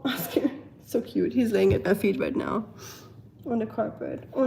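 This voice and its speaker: A young German woman with a German accent, a bit hoarse from a cold, chatting casually on a home live stream, reading viewer comments and talking to her pets. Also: a little high, a little slow, dark tone, slight background noise. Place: at home, indoors.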